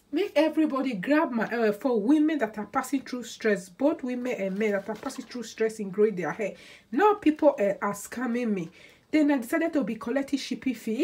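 A woman talks straight to camera in a casual vlog. Her voice sits a little on the high side. She leans hard on her points, repeating phrases over and over in an aggrieved, insistent way. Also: a little mellow, breathy edge. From Nigeria. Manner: emphatic and repetitive, aggrieved. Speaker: hair oil seller and beauty vlogger. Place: indoors, lives in Sweden.

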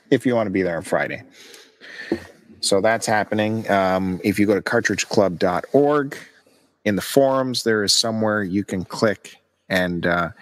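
Guy, low voice, easygoing podcast co-host, chatty and teasing. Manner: chatty, teasing, plugs events. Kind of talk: casual chat.

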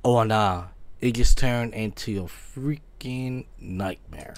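An animated man talks through a horror game in unhurried bursts, his pitch leaping around as he reacts. He is excitable and swears and yelps whenever something scares him. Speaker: gamer playing a horror game. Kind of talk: casual gameplay commentary.

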